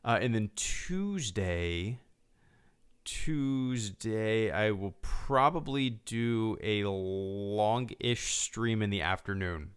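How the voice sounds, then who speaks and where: A man's voice: on the low side, lively intonation, drawn-out words, clear, resonant tone. A man hosting a live stream, chatting casually in a rambling, laid-back way and swearing now and then. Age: adult, a father.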